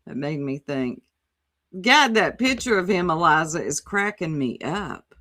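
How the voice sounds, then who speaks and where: A woman's voice: fairly low pitch, animated, unhurried, sharp tone. A woman hosting a casual commentary livestream, sassy and exclamatory, reading chat aloud and reacting to a clip. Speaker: livestream host.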